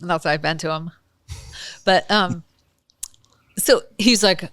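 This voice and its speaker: Woman prosecutor telling a story on a podcast, smooth clear voice, dry close sound, super animated. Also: on the low side, takes it slowly, dry recording. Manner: animated, laughing, acts out the people in her stories. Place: filmed podcast studio.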